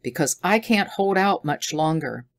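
A woman's voice: sits low, animated, a little slow, dry recording, studio quality. A woman reading an audiobook voices an anxious, thirsty young adventurer who speaks urgently.

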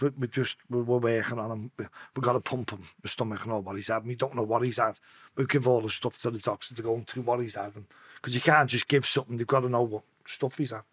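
Liverpool man, husky, higher voice, dry close sound, swears through a story. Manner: swearing, acting out voices in his tale. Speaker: podcast guest. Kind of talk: emotional storytelling.

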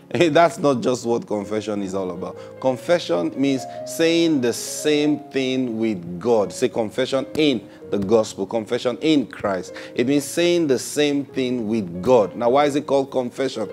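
A man preaching a sermon in a middle-pitched voice. He stretches out key words and doubles back on phrases for emphasis. Faint guitar music plays behind him. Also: lively intonation, a little mellow. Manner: drawn-out emphatic phrasing with repetitions.

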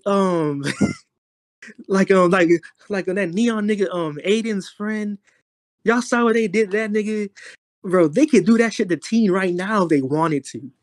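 A man's voice: high-pitched, darkish tone, dry recording, studio quality. A young man streamer rambling in casual, slangy, profane talk while roasting someone on a voice chat. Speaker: online streamer.

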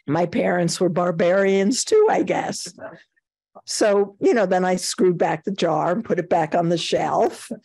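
An older woman with a New York accent gives a Zen dharma talk in a lowish, slightly mellow voice. She's a Zen teacher who tells anecdotes, chuckles, and acts out the voices of the people she quotes.

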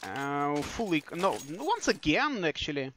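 A man giving live play-by-play commentary on a competitive shooter match. He is excitable and joking, repeats his phrases, and breaks into shouts at big plays. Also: a little high, unhurried, slight background noise. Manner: repeats phrases, fillers, non-native English phrasing. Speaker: esports commentator.

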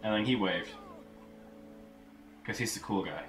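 A man giving casual gameplay commentary, crude and full of swearing, with sudden loud outbursts. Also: lowish voice, a little slow, over music. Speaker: let's play gamer. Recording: roomy echo, faint noise.

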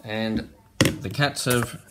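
A man's voice: medium pitch, fairly even intonation, extremely slow. Australian man, playful chatty father, casual home video, echoey indoor room, background noise. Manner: playful and chatty, cooing at pets. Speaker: father hosting a family tipping video.

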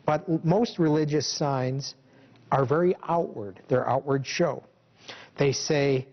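A man's voice: a little high, takes it slowly, dull audio. A male preacher giving a conversational sermon to his congregation, full of rhetorical questions. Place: church hall.

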